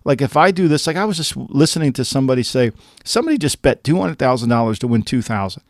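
Animated man riffing on football. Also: mid-range voice, fast, no room sound, studio quality. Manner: animated, rhetorical, laughing asides. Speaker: podcast co-host. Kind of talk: casual sports talk.

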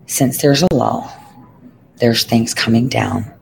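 A man's voice: mid-range voice, slow pace, creaky, darkish tone, a little hiss or hum, rough recording. A man giving a rambling, profane vlog update from an airport lounge, talking into a phone strapped to his arm.

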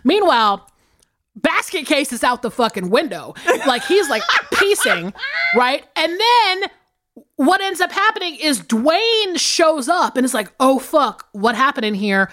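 A woman co-hosting a podcast, recapping a film in casual, animated chat with plenty of swearing. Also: sits high, unhurried. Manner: animated, swearing, big laughs. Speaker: podcast co-host.

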